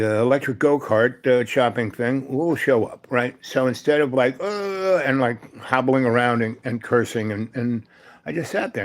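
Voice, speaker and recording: A man hosting a live stream, telling a meandering personal story full of fillers and asides, sometimes dropping to a soft, hushed voice. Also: medium pitch. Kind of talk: rambling storytelling monologue.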